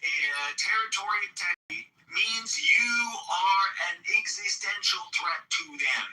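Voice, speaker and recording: A man's voice: high-pitched, a little slow, sharp tone. A man arguing heatedly in an online voice chat, abrasive and profane, firing insults at his opponent. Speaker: debate participant. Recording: echoey, distant, faint music behind.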